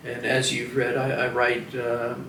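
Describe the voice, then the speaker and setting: Speaking in an unhurried monotone, a Washington, DC veteran in his seventies reflects haltingly during an oral history interview, with frequent fillers and restarts. His mid-range voice is a bit bright. The roomy recording comes from a distant mic, with slight background noise.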